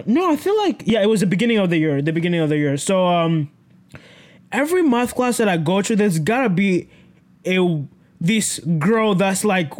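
A young man vlogging casually to his camera, telling a story in a rambling, self-correcting way, swearing freely and laughing often. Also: high-pitched.

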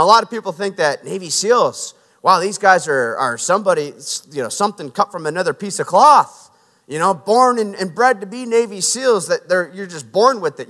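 A man's voice: high voice, sharp tone. A man preaching a sermon and telling stories from his military training, in an earnest, conversational way with restarts, recorded in a hall. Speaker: preacher and former Navy SEAL. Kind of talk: sermon with personal story. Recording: echoey hall with long reverb.

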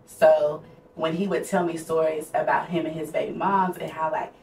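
A young woman co-hosting a podcast shares a personal story candidly and casually, saying "like" constantly. Her voice is low, a little mellow and fairly level, at normal speed, recorded on a distant mic with roomy echo and faint noise.

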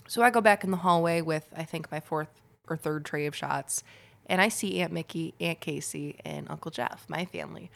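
A young woman co-hosting a podcast, telling stories in a loose, animated way, swearing freely and laughing often. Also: low voice, moderate pace, gravelly. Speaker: podcast co-host. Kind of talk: casual storytelling chat.

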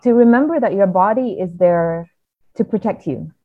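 A woman's voice: medium pitch, normal speed, no echo. A woman, a podcast guest, telling a personal story in an earnest, reflective way, often restarting her sentences. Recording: tinny phone-like sound.

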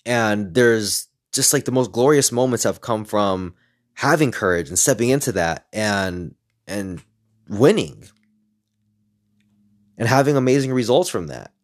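A young man casually telling personal stories in a rambling, profane way, getting animated as he retells them. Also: lowish voice, a little slow. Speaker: speaker sharing personal stories. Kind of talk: casual storytelling monologue.

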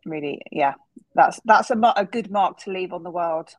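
A woman hosting a podcast interview, asking questions and responding with soft, affirming remarks. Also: fairly low pitch, brisk. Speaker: podcast host. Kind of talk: casual interview chat.

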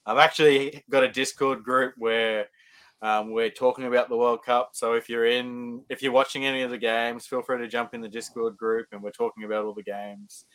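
A man from Malta talks casually as a podcast guest, relaxed and filling in details. His voice sits at an ordinary middle pitch. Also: normal speed, rough recording. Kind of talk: casual chat.

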